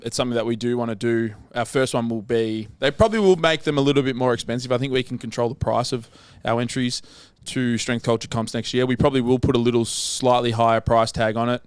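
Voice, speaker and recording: Young Aussie male podcast host, casual storyteller, smooth voice, dry room. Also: medium pitch, no room sound. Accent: Australian. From Australia. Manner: loose, sweary storytelling with laughs. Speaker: gym owner and podcast host.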